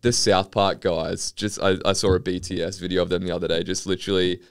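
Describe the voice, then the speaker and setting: A man's voice: low-pitched, quick pace, smooth. A man co-hosting a podcast, joking and laughing in casual chat. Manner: joking, laughs often, lively. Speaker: podcast co-host.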